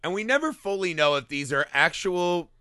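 A man co-hosting a podcast, talking about a movie in an animated, profane, joking way and acting out bits of dialogue. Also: high voice, normal speed, smooth, dry recording, clean studio sound. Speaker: podcast co-host. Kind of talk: crude comedic movie discussion.

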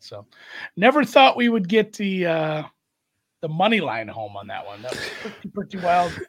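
A man co-hosting a casual sports chat who rambles in an animated way and lets his phrases trail off. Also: fairly high pitch, normal speed.

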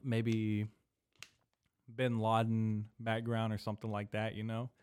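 A young man hosting a casual solo podcast, rambling and swearing, drifting between mumbled asides and loud venting into a desk microphone. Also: lowish voice, completely flat delivery, a little slow, clean tone, no echo. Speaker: podcast host. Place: small indoor room.

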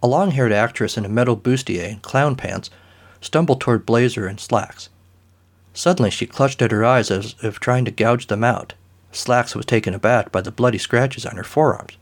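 Deadpan male storyteller. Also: mid-range voice, moderate pace. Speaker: narrator. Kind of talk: scripted comic narration.

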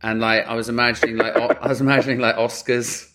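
Guy cohosting a podcast, casual emotional chat, swears a lot, mid pitch. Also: fast. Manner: animated, emotional, swears freely. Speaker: podcast co-host.

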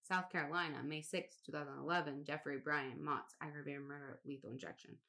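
A woman's voice: low-pitched, fairly even intonation, fairly quick, bright, forceful tone. A woman co-hosting a casual podcast, reading a long list aloud, swearing now and then and laughing at odd names. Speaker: podcast co-host.

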